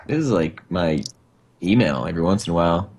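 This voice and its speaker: Husky-voiced young guy chatting loosely. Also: deep voice, animated, fairly quick, darkish tone. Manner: loose, filler-heavy, says "like" a lot. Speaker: podcast co-host. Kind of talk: casual chat over a card game.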